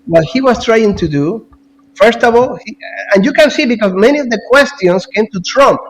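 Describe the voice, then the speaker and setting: A man talking as a guest analyst in casual political commentary, animated, repeating words and now and then coughing. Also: extremely high pitch, normal speed, slight background noise, low-quality recording.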